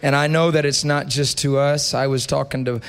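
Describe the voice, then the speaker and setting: A young adult man preaching a sermon in a church, leading the congregation in call and response and building to loud prayer. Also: mid-range voice, level tone, normal speed, smooth. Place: church sanctuary.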